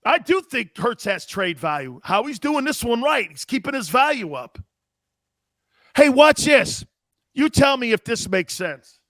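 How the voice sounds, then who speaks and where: Fiery high-voiced sports talk host. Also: male voice, measured pace, no room sound, clean studio sound. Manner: animated, emphatic, rhetorical questions.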